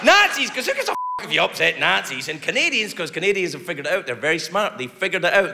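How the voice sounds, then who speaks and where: A man's voice: sits high, big pitch swings, fast, gravelly, hardly any pauses, over a noisy crowd, heavy background noise. A man doing a stand-up routine, brash, profane and mocking. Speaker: stand-up comedian. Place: comedy venue with live audience. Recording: reverberant venue with laughing audience.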